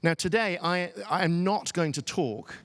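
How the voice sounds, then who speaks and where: A man's voice: high voice, a little slow, fairly bright tone. A middle-aged man with a British accent giving a conversational, self-deprecating keynote talk to a conference audience. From England. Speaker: keynote speaker. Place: large conference hall. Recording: hall reverb, heard from a distance.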